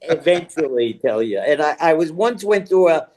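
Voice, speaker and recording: A man's voice: a little high, lively intonation, normal speed, a crowd in the background. An older man, a guest actor, telling casual stories and acting out the voices of the people he quotes. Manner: chatty storyteller, acts out quoted voices.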